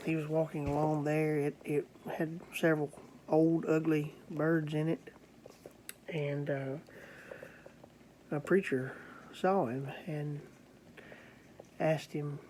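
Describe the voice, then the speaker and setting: A preacher tells a parable in an earnest, halting way. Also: medium pitch, level tone, darkish tone, slight background noise. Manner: slow, earnest, halting with fillers. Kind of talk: storytelling sermon.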